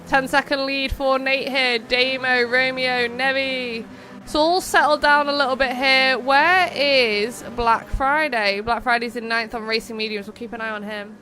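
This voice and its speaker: A woman's voice: high-pitched, steady tone, a little slow, pushed and bright, slight background noise. A young woman hosting a live stream of a racing game, chatting casually, wandering off on tangents and reading out viewers' messages. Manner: chatty, rambling, reads chat aloud. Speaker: streamer and race host.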